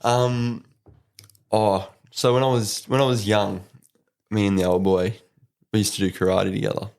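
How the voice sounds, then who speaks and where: With vocal fry in a fairly low voice and a normal speaking speed, a young Australian man chats easily as a podcast guest. He works as an apprentice electrician and laughs while telling his stories in this casual interview.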